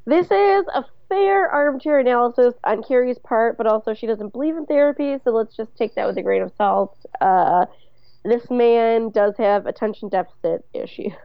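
A woman's voice: fairly high pitch, normal speed, dry recording. A woman co-hosting a casual podcast, recapping a TV episode with dry, wry remarks and read-out quotes. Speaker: podcast co-host. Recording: dry, slightly dull mic sound.

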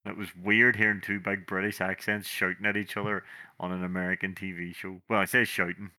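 A Scottish man co-hosts a podcast in casual, chatty conversation, talkative and fond of mimicking people when he quotes them. His low-pitched voice is level, fairly quick, and sharp in tone.

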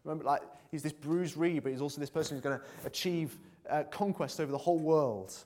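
Earnest preacher, hesitant then emphatic. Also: male voice, a little high, fast talker, a little mellow. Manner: earnest, hesitant with many fillers, builds to emphatic appeals. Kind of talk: conversational sermon.

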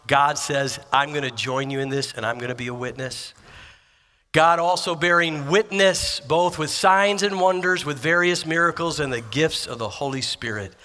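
A man's voice: fairly high pitch, normal speed, sharp tone. A man preaching a sermon as pastor, telling personal stories in an earnest, emphatic way with repeated phrases. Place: church sanctuary.

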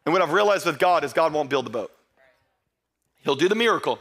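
A man preaching a humorous sermon, telling the story playfully and acting out the characters in hushed asides. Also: very animated, fast talker. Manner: playful storytelling, acts out disciples in low hushed voices. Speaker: pastor.

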